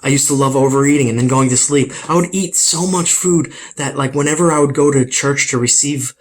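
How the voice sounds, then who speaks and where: A man's voice: mid-range voice, fairly quick, slight background noise. A young man doing a self-deprecating stand-up comedy set, with many fillers. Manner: rambling, filler-heavy, self-deprecating delivery.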